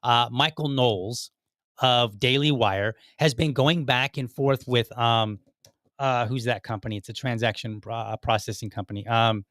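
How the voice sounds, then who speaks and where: On his political podcast, a man chats casually, frequently restarting and dropping "like" asides. His mid-range voice is a bit bright, with fairly even intonation at normal speed, captured in clean studio sound without echo.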